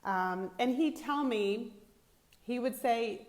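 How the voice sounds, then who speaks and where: A woman's voice: fairly high pitch, slow. A middle-aged woman coaching mothers in a live video, talking candidly to viewers and swearing casually. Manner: emphatic, repeats phrases in lists.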